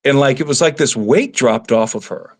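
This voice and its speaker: A man speaking as a guest researcher, telling a story in an earnest, halting way with many restarts. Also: mid-range voice. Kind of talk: casual storytelling.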